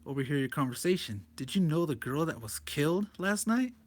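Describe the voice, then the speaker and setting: A man's voice: on the high side, animated, brisk. A man voicing a young undercover woman posing as a student, asking polite, prying questions. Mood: polite, curious.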